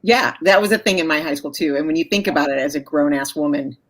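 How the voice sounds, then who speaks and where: A woman's voice: sits low, fast. A woman in her forties hosting an author interview over a video call, chatty and enthusiastic, with many fillers and frequent laughs. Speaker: host of an author interview show. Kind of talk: casual video chat interview.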